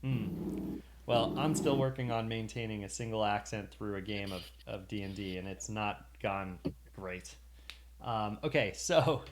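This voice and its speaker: Brief: mid-pitched male game master, halting and rambling, narrates combat for a stream. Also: slight background noise. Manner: rambling, hesitant with many fillers.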